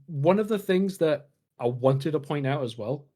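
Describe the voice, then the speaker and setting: A man's voice: a little high, lively intonation, moderate pace, dark tone, husky. Man explaining game strategy at length. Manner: explains at length, many filler restarts. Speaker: podcast co-host. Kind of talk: casual gaming podcast chat.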